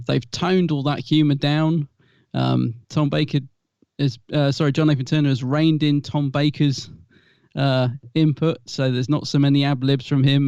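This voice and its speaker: Gravelly, chatty man. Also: a little high, a little mellow, no echo, muffled recording. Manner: chatty, rambling, restarts often. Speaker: podcast co-host. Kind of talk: casual chat.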